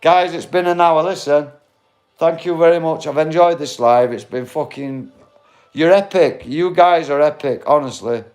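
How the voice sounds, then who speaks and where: A man's voice: on the high side, normal speed, a little mellow. A man hosting a live stream, chatting bluntly with viewers, heated and swearing freely. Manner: blunt, heated, swears, talks straight to the chat.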